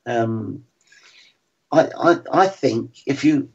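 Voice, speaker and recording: A man in his sixties, a former footballer, talking frankly and in a measured way as an interview guest. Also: medium pitch, a little mellow, husky. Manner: frank and plain-spoken, measured. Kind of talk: reflective interview talk. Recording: slightly dull lo-fi sound.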